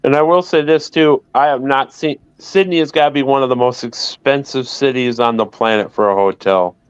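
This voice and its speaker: Smooth-voiced man on a dull line. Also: mid-range voice, moderate pace, no echo. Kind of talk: casual group video chat.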